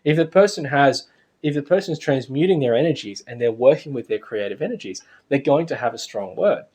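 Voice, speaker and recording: A man's voice: medium pitch, lively intonation, brisk, a little mellow, slightly rough. A man giving a casual spiritual lecture to a class, chatty and anecdotal, often laughing.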